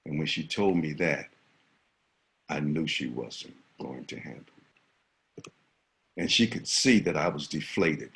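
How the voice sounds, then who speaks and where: An older man telling a personal story vividly, swinging from loud to hushed. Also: extremely low pitch, lively intonation, unhurried, long pauses. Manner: vivid, dramatic, shifts between loud and hushed.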